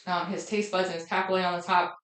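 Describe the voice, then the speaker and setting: A woman's voice: on the low side, flat delivery, fast talker, fairly bright tone. A woman methodically narrating a physical exam demonstration, listing findings aloud with occasional ums. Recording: echoey room.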